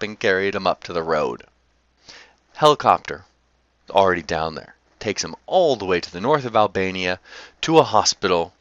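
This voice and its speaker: A man's voice: on the low side, a bit bright, no room sound. A man telling a travel story in a casual, sarcastic, comic way, often laughing as he goes. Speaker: storyteller recounting travel anecdote. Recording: dry, slightly dull recording.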